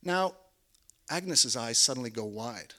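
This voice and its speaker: Bright-voiced man telling a story. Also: medium pitch, measured pace. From Canada. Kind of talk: first-person stage storytelling.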